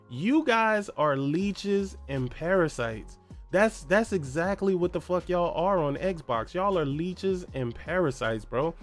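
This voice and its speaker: Hosting a solo gaming podcast, this man with a fairly high voice launches into a heated, mocking, profane rant, repeatedly leaning on rhetorical questions. Music plays faintly and softly beneath him.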